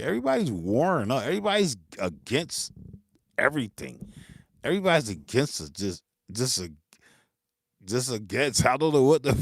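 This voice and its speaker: A man's voice: mid-range voice, vocal fry, no room sound, studio quality. A man, ranting unscripted to camera about music gear, swearing freely, laughing and mimicking his critics. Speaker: beatmaker hosting his channel.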